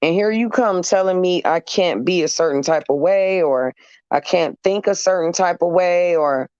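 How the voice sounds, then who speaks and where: A man's voice: high voice, normal speed, a little mellow, clean tone, no echo. A man talking casually to camera in an emphatic, sassy, repetitive way, as in a vlog monologue. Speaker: vlogger. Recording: dull, dry lo-fi recording.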